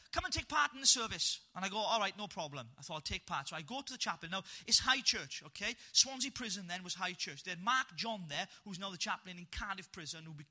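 A high-pitched Welsh man tells his life story as a testimony before a live audience. He is animated and funny, throwing in punchy asides.

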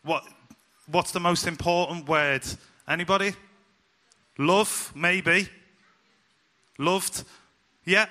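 A man preaching to a church congregation with a very bright, ringing tone, his voice sitting a little high for a man. He talks in a lively, chatty way, quizzing the children and teasing them. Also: slow pace, long pauses. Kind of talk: informal sermon to a church congregation.

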